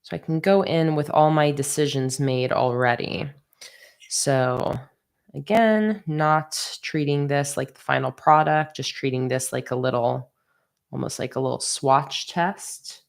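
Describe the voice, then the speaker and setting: Low-voiced woman chatting while she draws. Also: a little slow, gravelly. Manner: chatty, reads viewer comments aloud and laughs easily. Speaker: sticker artist livestreaming. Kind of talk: casual livestream chat while drawing.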